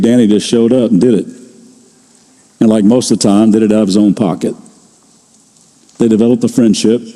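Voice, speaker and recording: An older man preaching a sermon as pastor, telling stories in a conversational way and slowing down to stress key phrases. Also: lowish voice, dark tone, in a large hall. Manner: conversational storytelling, slows for emphasis.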